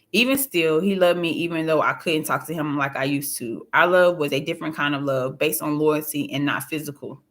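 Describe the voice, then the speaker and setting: A woman's voice: sits low, a bit bright. A woman reading a first-person audiobook in a plain, confiding storytelling voice. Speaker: audiobook narrator.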